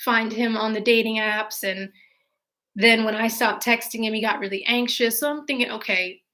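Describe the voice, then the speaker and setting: A young woman hosting a casual live stream from home, chatting with viewers and telling a dating story in an animated way. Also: a little high, normal speed.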